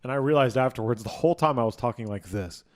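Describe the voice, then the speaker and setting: A man's voice: medium pitch, fast. A man co-hosting a podcast, chatting casually and joking with frequent laughs. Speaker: podcast co-host. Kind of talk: casual chat.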